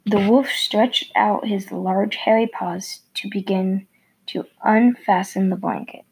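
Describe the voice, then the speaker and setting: A woman reading a fairy tale aloud in a gentle storybook manner, with a few slips. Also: medium pitch, steady tone, takes it slowly, gravelly, husky, rough recording.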